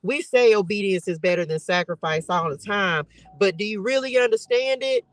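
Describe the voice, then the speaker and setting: A woman's voice: medium pitch, animated, normal speed, no room sound, poor audio. A woman hosting a casual Bible study livestream, talking emotionally and straight to her viewers. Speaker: livestream host.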